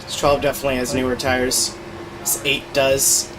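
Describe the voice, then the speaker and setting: A man's voice: mid-range voice, little pitch movement, moderate pace, background noise. Laid-back man commentating a sim race. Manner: laid-back, filler-heavy, thinking aloud while driving. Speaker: sim racing streamer.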